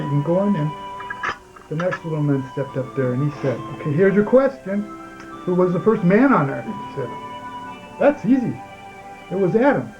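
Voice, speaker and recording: A man telling jokes at a family gathering, as a slow, deliberate storyteller in a living room. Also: a little high. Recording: muffled home video with TV on.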